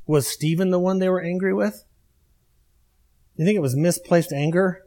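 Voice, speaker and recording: Middle-aged man, pastor, high-pitched voice, emphatic sermon delivery with repeated phrases. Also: moderate pace, warm tone. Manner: emphatic, repetitive preaching cadence.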